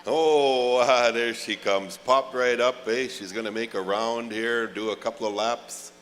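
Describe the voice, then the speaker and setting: A man emceeing a live event, calling names slowly with drawn-out "oh, uh" fillers and light joking asides. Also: medium pitch, steady tone, fairly bright tone, in a large hall. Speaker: pow wow emcee. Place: large outdoor event grounds.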